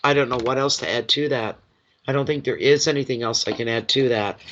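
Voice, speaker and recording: A man's voice: medium pitch, fairly even intonation, brisk, a bit bright, a little hiss or hum. A man with a runny nose from a cold, doing a chatty, rambling, emotional tarot reading on a live stream. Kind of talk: live card reading chat. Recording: dull lo-fi stream audio.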